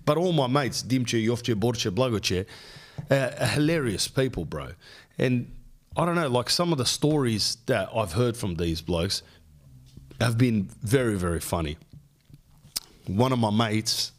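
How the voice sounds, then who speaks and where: A man's voice: mid-range voice, unhurried. Slangy Australian man spinning a yarn. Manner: slangy, rambling, animated anecdote telling. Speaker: podcast host. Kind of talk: casual storytelling.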